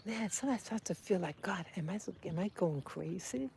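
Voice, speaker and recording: A woman's voice: fairly low pitch, animated, fairly quick, vocal fry, dark tone, slight background noise. A woman vlogging on a walk outdoors, rambling and emotional as she talks to her little boy. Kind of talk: casual walking vlog. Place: outdoors on a street.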